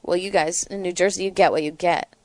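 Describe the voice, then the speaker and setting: A woman's voice: lowish voice, steady tone, fairly quick, a little mellow, no echo. A woman hosting a political talk show, delivering sarcastic, indignant commentary.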